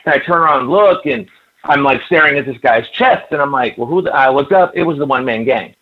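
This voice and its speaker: A man's voice: a little high, lively intonation, a little fast. A man in his fifties, a podcast guest, telling rambling stories with stammers in casual interview chat. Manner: rambling anecdotal storytelling, stammers. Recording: dull lo-fi audio.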